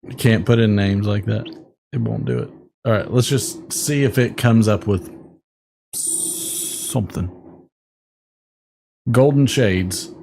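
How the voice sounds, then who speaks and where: A man's voice: fairly low pitch, lively intonation, slow, vocal fry, pauses often, dark tone, a little hiss or hum. A man hosting a podcast in casual chat, making dry, matter-of-fact remarks in a studio. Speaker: podcast host. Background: music playing.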